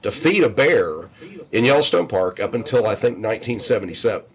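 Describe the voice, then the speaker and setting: A man's voice: fairly low pitch, animated, fairly quick. A man in his fifties, a podcast guest telling long casual stories with frequent restarts and self-corrections. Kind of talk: casual storytelling.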